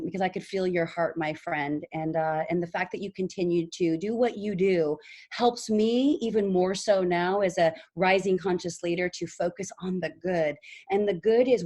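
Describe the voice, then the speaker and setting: A woman's voice: medium pitch, darkish tone. A woman giving an earnest, heartfelt motivational talk to an audience on a video call. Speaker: inspirational speaker.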